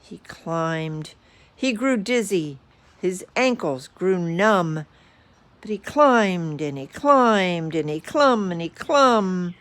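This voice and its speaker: A woman reading a rhyming picture book aloud with lively expression. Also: fairly low pitch, slow pace. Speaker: storyteller.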